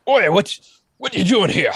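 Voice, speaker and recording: A man voicing a gruff highwayman bandit in a rough, clipped put-on voice. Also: big pitch swings, moderate pace, fairly bright tone, full character voice. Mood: suspicious.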